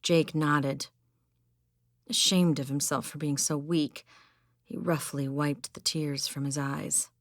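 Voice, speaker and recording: Audiobook narrator, woman, low gravelly voice, even scripted delivery, dry close mic. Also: slow, no room sound. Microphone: close studio mic.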